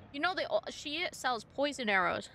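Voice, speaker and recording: This high-pitched woman livestreams a video game with excitable, casual commentary. She curses a lot and erupts in bursts of frustration.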